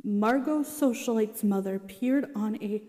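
A woman's voice: fairly high pitch, measured pace, warm tone, big-room sound. A young woman casually reading about an old sitcom and reacting, chatty and exasperated, with many asides. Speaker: vlogger reading and reacting to a show's history.

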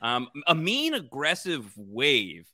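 Bright-voiced playful man hosting a podcast. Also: on the high side, wildly swooping pitch, takes it slowly, dry recording, studio quality. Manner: playful, jokey banter. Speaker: podcast host. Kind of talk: casual podcast chat.

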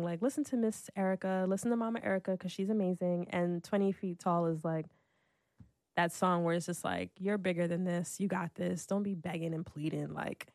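A woman's voice: mid-range voice, dry recording, clean studio sound. A young adult woman telling a personal story in casual chat, acting out what everyone said and saying "like" a lot. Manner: animated, acts out quotes, lots of "like".

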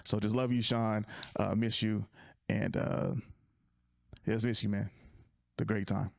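A comedian telling a rambling story in casual chat, full of fillers and restarts. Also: male voice, on the low side, level tone, unhurried, creaky, no echo, studio quality.

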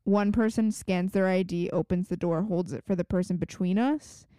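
A woman's voice: on the low side, steady tone, moderate pace, mellow, clean tone, no echo, clean studio sound. A young woman co-hosting a podcast in casual chat, telling indignant stories from work. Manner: storytelling, indignant. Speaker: podcast co-host.

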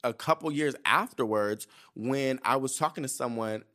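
A man, chatting on a podcast. He talks in a loose, profane, animated way at a middle pitch and slips into the voices of people he quotes. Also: normal speed. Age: 30s. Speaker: podcast host. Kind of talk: casual chat.

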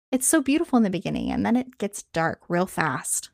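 A woman's voice: on the low side, sing-song, a little fast, vocal fry, hardly any pauses, a little mellow, no room sound, clean studio sound. A woman reading an old fairy tale aloud in a casual podcast, breaking off for chatty asides. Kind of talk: casual storytelling read-aloud.

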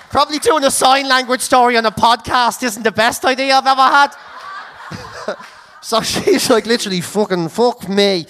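A woman's voice: high voice, steady tone, brisk, hardly any pauses, a bit bright, slight background noise. An Irish woman co-hosting a podcast, telling a comic story full of swearing and laughing through her lines. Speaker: podcast co-host.

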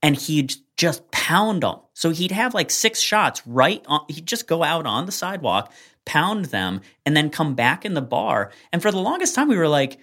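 A man co-hosting a casual podcast chat, telling a long anecdote in a rambling, animated way with lots of fillers. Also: a little high, moderate pace. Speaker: podcast co-host.

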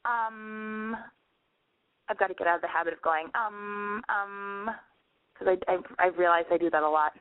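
A woman's voice: medium pitch, normal speed, no room sound. A young woman chats loosely through an amateur call-in advice show, swearing and teasing herself as she drifts off topic. Her voice is slightly nasal, and the sound is dry and thin, like a phone line. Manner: rambling, profane, self-mocking. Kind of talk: casual call-in radio monologue.

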